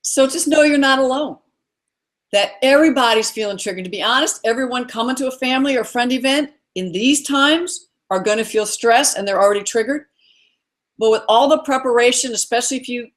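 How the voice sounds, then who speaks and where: A woman's voice: fairly high pitch, fairly quick. Earnest woman guest on a video call. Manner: earnest, encouraging, rambling lists. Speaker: guest expert. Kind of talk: live video call interview.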